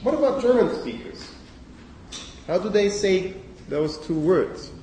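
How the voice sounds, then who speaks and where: A male lecturer explains sound rules to a class, asking questions and saying "okay?" often. His voice is mellow and a little high for a man. The recording is roomy, with a long reverb, and he is heard from a distance, with faint ambient noise behind him. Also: animated, a little slow. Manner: conversational, asks the class questions, frequent "okay?". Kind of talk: university lecture on phonology. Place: lecture hall. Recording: echoey lecture hall, mic at a distance.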